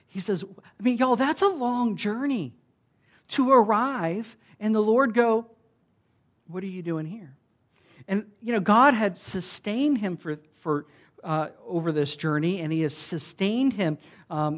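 A pastor preaching in a relaxed, talky way, full of restarts and filler words. The voice sits at a middle pitch and keeps swinging from loud, emphatic stretches down to quiet, hushed asides. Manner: conversational, with frequent restarts and filler like "like". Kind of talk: sermon.

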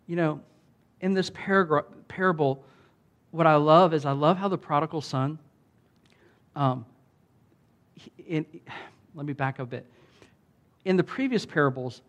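A man preaching a sermon, telling a parable in a casual way and raising his voice when he reads the quoted lines. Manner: animated, voice rises high when reading quoted lines; casual, many fillers, laughs often. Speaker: pastor.

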